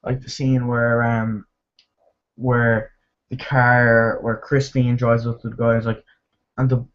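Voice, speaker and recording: A man's voice: medium pitch, little pitch movement, takes it slowly, dull audio. A man giving a casual spoken movie review, rambling with lots of fillers and restarts. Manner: rambling, filler-heavy, with restarts and mimicked quotes.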